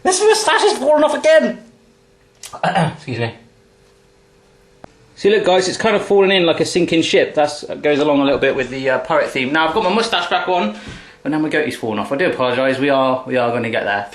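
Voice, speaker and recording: Fast-talking, playful cooking host. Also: male voice, on the high side, a bit bright, roomy sound. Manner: playful, jokey and chatty. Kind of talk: casual cooking demonstration. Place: home kitchen. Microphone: camera on a tripod.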